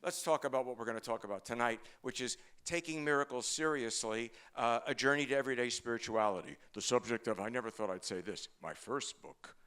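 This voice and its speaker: An older man, a rabbi giving a humorous sermon, talking fast and telling stories with jokes. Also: mid-range voice, clean tone. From Brooklyn, New York. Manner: fast-talking, joking, animated storytelling.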